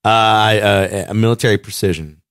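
A man with a low voice rambles through crude, joking podcast banter, restarting his sentences as he goes. His delivery is blunt and profane, and the sound is dry and close. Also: fairly quick, a bit bright, clear, resonant tone, no room sound. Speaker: podcast co-host.

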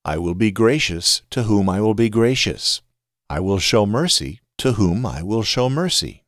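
A man reading the words of God in a measured scripture reading. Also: lowish voice, expressive, fairly bright tone, no echo, clean studio sound. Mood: solemn. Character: God speaking, solemn commanding male deity.

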